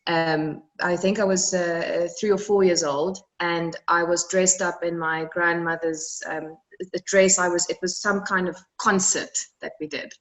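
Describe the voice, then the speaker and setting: Young south african woman, interview guest, earnest and reflective, lowish voice. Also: steady tone, unhurried, fairly bright tone, low-quality recording. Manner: reflective, earnest, repeats words when moved. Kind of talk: emotional personal storytelling.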